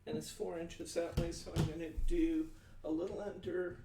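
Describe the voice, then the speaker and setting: Friendly male craft host on a live stream, a bit high-pitched, chatty and folksy, walks through measurements, picked up from a distance in an echoey room. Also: flat delivery, moderate pace. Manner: chatty, folksy, answers viewer comments aloud; talks through measurements step by step. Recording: echoey room, distant mic, faint noise.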